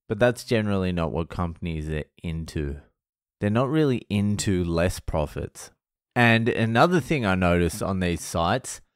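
A man's voice: low-pitched, clear, resonant tone, dry recording, clean studio sound. Blunt, swearing Australian man. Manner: blunt, swears a lot, rambling storytelling. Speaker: vlogger. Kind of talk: casual monologue vlog.

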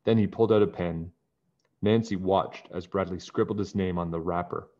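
A man reading a children's book aloud in a calm, even narrating voice. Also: deep voice, moderate pace. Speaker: storybook reader. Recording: dull lo-fi recording.

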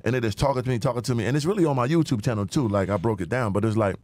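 A man's voice: mid-range voice, rapid-fire, dry recording. A man, a podcast guest, telling a story in casual chat, with heavy slang and profanity, acting out the people he quotes in a raised voice. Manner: animated, acts out quoted dialogue in a raised voice.

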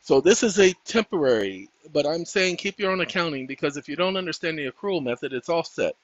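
Male host, high animated voice, folksy preacher-like delivery, dull dry lo-fi recording. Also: fairly quick, no room sound. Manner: folksy, preachy, addresses viewers as ladies and gentlemen; breaks off to talk to his dogs. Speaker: channel host. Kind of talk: casual screen-share tutorial.

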